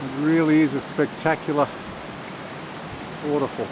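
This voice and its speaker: A man's voice: on the high side, flat delivery, moderate pace. Chatty man on a bushwalk. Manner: chatty, self-narrating on the move. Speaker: bushwalking vlogger. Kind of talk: casual outdoor vlog. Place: outdoors in bush gorge by a waterfall. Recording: muffled camera audio with outdoor noise.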